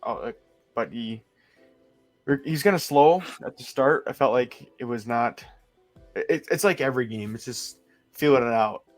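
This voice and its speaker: A man's voice: medium pitch, measured pace, long pauses, faint music behind. A young man co-hosting a casual sports podcast, blunt and profane in his banter. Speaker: podcast co-host.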